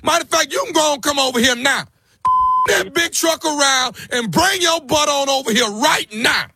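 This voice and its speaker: A man playing an aggrieved grown man on a prank phone call, shouting and sobbing over his mother's tree. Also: animated, normal speed, exaggerated voice. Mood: indignant. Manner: shouting, whiny, high-strung. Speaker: radio prank caller.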